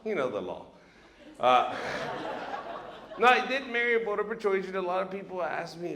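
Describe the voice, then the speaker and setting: Animated stand-up comic, gravelly voice. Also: male voice, sits high, fairly quick, pauses often, very noisy. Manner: storytelling, animated, acts out voices of his dad and the police. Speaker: stand-up comedian. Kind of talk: stand-up comedy set. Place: comedy stage before a live audience. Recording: echoey stage recording with loud audience laughter.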